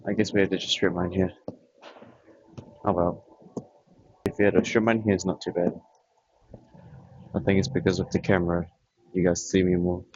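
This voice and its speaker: A man's voice: sits low, darkish tone, lo-fi sound, slight background noise. A young man chatting casually and rambling offhand while playing a game as a vlogger. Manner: rambling, offhand, trails off often. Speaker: gaming vlogger.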